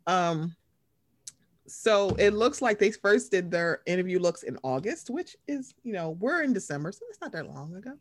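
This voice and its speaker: A woman co-hosting a casual chat about reality TV, animated and acting out quoted lines in put-on voices. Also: moderate pace. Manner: animated, acts out quoted voices with big pitch jumps. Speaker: podcast co-host.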